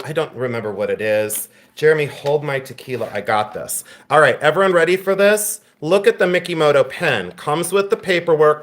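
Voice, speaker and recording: A man's voice: a little high, a bit bright. A man from Ohio hosting a live-stream auction sale, calling prices and bantering and teasing viewers.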